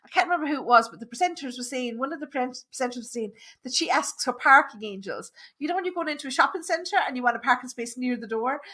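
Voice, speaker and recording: An Irish woman hosts a chat and laughs easily along with her guest. Her voice is high and bright. Her pitch swoops widely as she talks. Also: lively intonation, fast talker, few pauses. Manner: warm, laughs often, affirming. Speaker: host. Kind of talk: casual interview chat.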